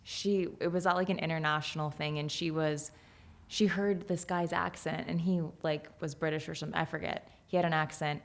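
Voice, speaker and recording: Low, gravelly-voiced woman host. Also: steady tone, a little fast. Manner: chatty, laughing, storytelling. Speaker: podcast host. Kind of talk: casual podcast chat.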